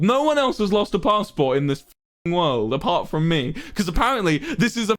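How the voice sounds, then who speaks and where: Brief: young male streamer, high voice, exasperated ranting storyteller who swears and builds to outbursts. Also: sing-song, normal speed, soft background music. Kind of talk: animated storytelling rant to chat.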